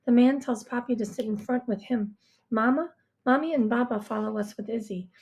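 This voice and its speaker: Woman reading a story aloud, hushed and close, kinda high voice, soft mellow tone. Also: a little fast. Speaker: audiobook reader. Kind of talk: first-person storybook narration.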